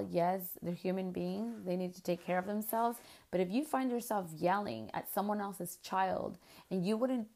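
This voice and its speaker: A woman's voice: medium pitch, creaky, a little mellow. Frank, rambling woman podcast host. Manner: frank, rambling, conversational with fillers. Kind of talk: casual podcast monologue.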